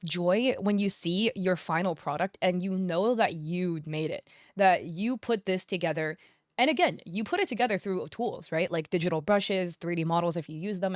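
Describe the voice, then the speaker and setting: A young woman giving casual, animated commentary as a streamer, often slipping into quick quoted voices. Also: medium pitch, no echo, studio quality. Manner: animated, conversational, quoting others in quick voices. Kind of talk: casual commentary on online drama.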